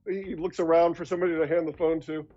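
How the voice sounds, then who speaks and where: A man playing a tabletop game, describing his character's actions with playful deadpan narration. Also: a little high, fast. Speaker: player. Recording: dull lo-fi audio.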